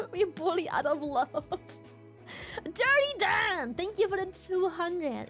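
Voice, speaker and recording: Giggly high-pitched woman streamer. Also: darkish tone. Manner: giggly, teasing, swears freely. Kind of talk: casual live-stream chat.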